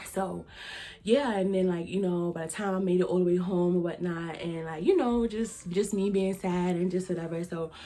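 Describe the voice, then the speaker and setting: A woman's voice: lowish voice, fairly even intonation, moderate pace, mellow, faint music behind. A woman telling a personal story in a casual storytime vlog, chatty, with lots of fillers and asides to her viewers. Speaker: vlogger.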